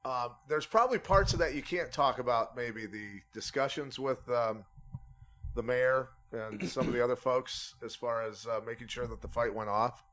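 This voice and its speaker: A man co-hosting a podcast, asking a guest questions in an unhurried, curious way. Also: mid-range voice, a bit bright. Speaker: podcast co-host. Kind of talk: casual interview chat.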